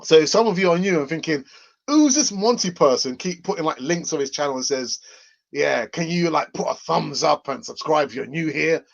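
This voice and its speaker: A man's voice: a little high, brisk, vocal fry, dull audio. A man hosting a casual live stream, chatting and reading out viewer comments, often laughing.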